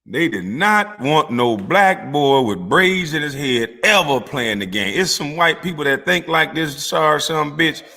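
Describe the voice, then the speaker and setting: A man delivering a mocking, profane comedic commentary rant, with drawn-out hums between jabs. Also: fairly high pitch, lively intonation, creaky, sharp tone, in a large hall.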